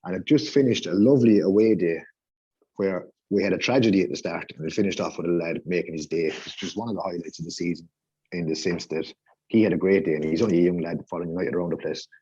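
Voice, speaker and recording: A man's voice: deep voice, fast talker, warm tone, breathy edge, no room sound, muffled recording. A man with an Irish accent telling a rowdy, sweary story on a podcast. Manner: rowdy, swearing anecdote teller. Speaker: podcast panelist. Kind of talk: casual storytelling.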